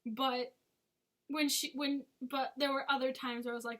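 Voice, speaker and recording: A woman's voice: sits high, little pitch movement, moderate pace, fairly bright tone. A woman chatting casually as a movie reviewer, with frequent giggles and sarcastic asides. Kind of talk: casual chat.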